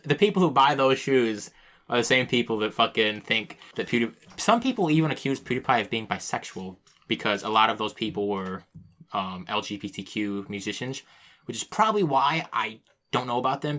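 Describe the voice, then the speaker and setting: A man's voice: mid-range voice, expressive, brisk, a bit bright. A young man co-hosting a casual podcast, laughing often and joking crudely with stammered restarts. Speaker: podcast co-host. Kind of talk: casual chat.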